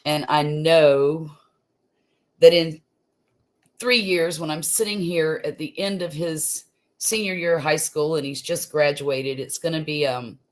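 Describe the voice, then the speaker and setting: A grandmother in her fifties talks her way through a home live stream, unhurried and rambling. Her voice sits a little low, and she drawls along at an easy, slow pace, dropping fillers and laughing often. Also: fairly even intonation. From US Gulf Coast. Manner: chatty, homey, laughs easily, trails off with fillers. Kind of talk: casual live-stream chat. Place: home room.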